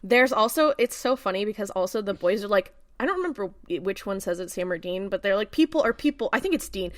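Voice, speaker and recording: A young woman co-hosting a podcast, chiming in with quick joking commentary on a TV episode. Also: medium pitch, expressive, no echo, clean studio sound. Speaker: podcast co-host. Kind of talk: casual recap chat.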